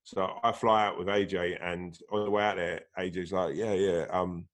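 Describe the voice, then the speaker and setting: Podcast host, man with a lowish voice, swears a lot and tells animated stories. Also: normal speed. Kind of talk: casual chat.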